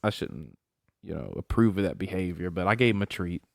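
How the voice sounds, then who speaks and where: Profane young man telling animated stories. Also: low voice, brisk, vocal fry, no room sound, studio quality. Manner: profane, animated storyteller who acts out voices. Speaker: podcast co-host. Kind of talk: casual chat.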